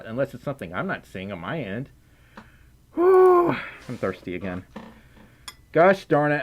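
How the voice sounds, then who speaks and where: Giggly Southern-accented male streamer, goofy casual chat, voice bouncing high and low. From Mississippi, US South. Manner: silly, giggly, reads donations aloud. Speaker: livestream host. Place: indoors at home, wearing a fursuit head.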